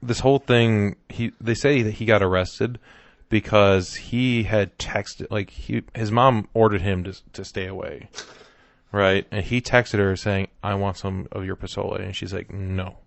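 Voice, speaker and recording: A man with a low, gravelly voice, co-hosting a comedy podcast. He talks casually, jokes and acts out little quotes. The sound is dry and close. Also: fairly even intonation, measured pace, dry recording. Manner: joking, acts out quotes, laughs often. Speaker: podcast co-host.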